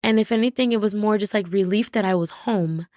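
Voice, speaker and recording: A woman's voice: mid-range voice, fairly quick, a little mellow, no room sound, clean studio sound. A woman guest on a podcast, talking candidly and reflectively in short, restarting phrases. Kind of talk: candid conversational interview.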